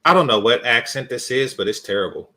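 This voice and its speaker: This man comments on clips with blunt, mocking scorn and sometimes breaks into loud, shocked yelps. His voice swings widely in pitch and sounds bright and forward on a close desk mic. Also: lively intonation, a little fast. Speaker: reaction video host.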